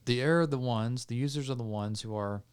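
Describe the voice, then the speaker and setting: A man, a podcast guest, calmly explaining legal points step by step with frequent fillers and restarts. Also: mid-range voice, brisk, clear, resonant tone. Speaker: podcast guest on music law. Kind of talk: explanatory casual talk.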